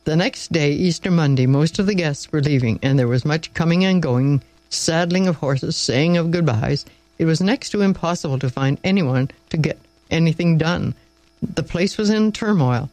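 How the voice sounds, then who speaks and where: A man hosting a story reading, narrating in a calm, measured way. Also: on the high side, no room sound, rough recording. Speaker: storyteller host.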